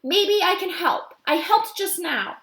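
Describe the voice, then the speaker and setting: A woman voicing a spirited, stubborn young female elephant with a high, insistent voice in an audiobook. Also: expressive, takes it slowly, a bit bright, echoey room, exaggerated voice.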